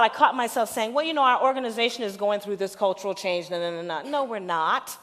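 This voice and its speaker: A middle-aged woman pastor preaching a sermon, moving from hushed storytelling to loud, emphatic call-and-response peaks. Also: medium pitch. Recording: reverberant hall recording.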